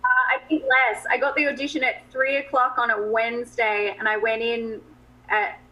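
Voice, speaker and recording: Woman actress on a morning show, bright sharp voice, laughs easy, talks a lot. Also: fairly high pitch, flat delivery, poor audio. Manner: chatty, quick to laugh. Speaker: actress guest. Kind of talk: TV interview chat.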